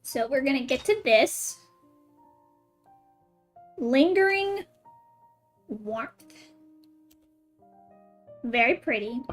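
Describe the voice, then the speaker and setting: Giggly streamer lady, high voice, slow easy talk, faint game music behind. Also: animated. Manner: giggly, amused asides. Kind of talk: casual chat and reading a story aloud.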